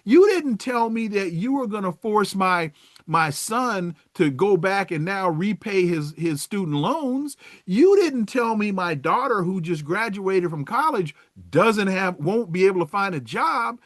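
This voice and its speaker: A man puts on an indignant middle-aged farmer, voice pushed up high and swooping wildly as he pleads and rants. The delivery is dry and close, with no room around it. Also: expressive, measured pace, no echo. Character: aggrieved male rural voter, middle-aged.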